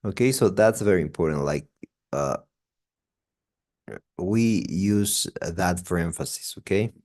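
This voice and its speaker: A man's voice: deep voice, a little slow, darkish tone. A man teaching an English grammar class, explaining step by step with many fillers and restarts.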